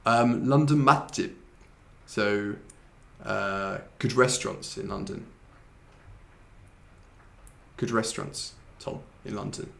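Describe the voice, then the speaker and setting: A man's voice: on the low side, moderate pace, creaky. A man hosting a live online English lesson, chatting casually with a co-host and reading out viewers' questions. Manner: chatty, switches to Korean to explain. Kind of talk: casual teaching chat.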